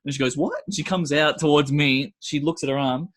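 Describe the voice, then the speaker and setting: A man's voice: a little high, fairly even intonation, a little fast, a bit bright. A young Australian man co-hosting a podcast, telling a story animatedly, acting out the voices and laughing often. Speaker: podcast co-host. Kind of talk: casual chat.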